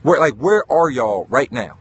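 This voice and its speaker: Man, lively swooping pitch, husky voice, preachy motivational talk. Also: a little slow. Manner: animated, preachy, swearing, addresses listeners as dog. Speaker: host.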